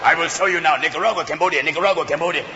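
A man's voice: on the high side, racing, pushed and bright, long reverb tail, pitched below the performer's own voice. A comedian putting on an impression of a statesman playing a small wise alien sage, speaking in garbled backwards sentences. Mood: solemn. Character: Kissinger impression as the little green sage. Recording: dull live club recording, audience noise.

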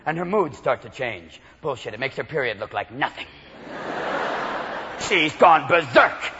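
A male stand-up comedian performing a manic routine, shouting and jumping in and out of voices before a live audience. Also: medium pitch, expressive, unhurried, background noise. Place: large venue with a live audience. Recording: lo-fi live hall recording with crowd.

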